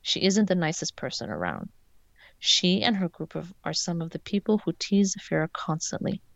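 A woman author reading her own story aloud in a measured, steady way, then answering interview questions. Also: fairly low pitch, gravelly, no room sound. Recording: dull lo-fi sound.

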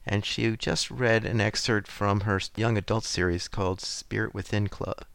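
Male interview host, conversational, low gravelly voice, dry sound. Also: fairly even intonation, moderate pace, a bit bright, dry recording. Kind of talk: interview questions.

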